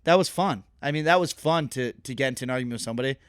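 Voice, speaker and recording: A young man co-hosting a podcast, telling stories in animated casual chat and laughing often. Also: medium pitch, very fast, clear, resonant tone, dry recording, studio quality. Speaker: podcast co-host.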